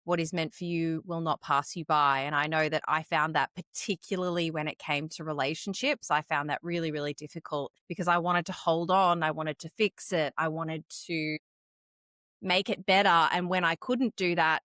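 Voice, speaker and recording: Woman host, lowish pitch, curious and thoughtful, dry close sound. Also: steady tone, moderate pace, no room sound. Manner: warm, curious, thoughtful questions. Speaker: podcast host. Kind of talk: interview chat.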